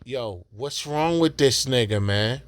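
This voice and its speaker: A man speaking slowly and deliberately at a middle pitch, reacting to a clip. He rants and mocks, circling back over the same points in loose street slang. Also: lively intonation. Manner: ranting, mocking, repetitive slang-heavy rant. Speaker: reaction commentator. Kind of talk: casual reaction commentary.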